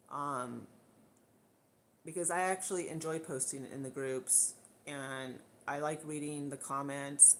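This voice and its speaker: A woman's voice: low-pitched, slight background noise. A woman hosting a livestream and speaking straight to her camera in a blunt, indignant rant, often repeating her points. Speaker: livestream host. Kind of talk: casual live rant to camera. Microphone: camera mic.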